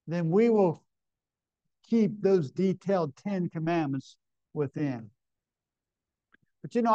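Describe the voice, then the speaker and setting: A man's voice: fairly high pitch, a little mellow, no echo. A man preaching a sermon at a camp meeting, emphatic, reading scripture aloud and asking the congregation questions. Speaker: pastor. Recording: dull, lo-fi sound.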